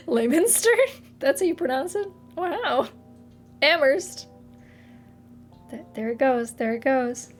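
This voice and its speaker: A woman's voice: sits high, animated, slow, pauses often, faint music behind. A young woman streamer in casual chat, reading viewers' messages aloud and laughing often. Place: home streaming setup.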